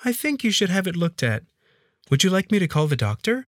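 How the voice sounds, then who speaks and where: A polite, worried house maid, as a male narrator puts her on, lifting into a high, careful voice. She stays deferential and keeps calling him sir. The audiobook sound is dry and close. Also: sing-song, a little fast, fairly bright tone, no echo. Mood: concerned. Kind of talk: audiobook character voice.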